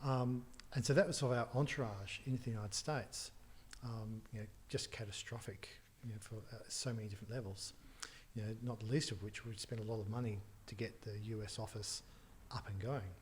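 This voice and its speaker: A man telling a lively story. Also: fairly low pitch, brisk, hardly any pauses, slight background noise. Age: middle-aged. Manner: animated anecdotes with frequent laughs and restarts. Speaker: interview guest, tech entrepreneur. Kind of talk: casual storytelling in a podcast interview.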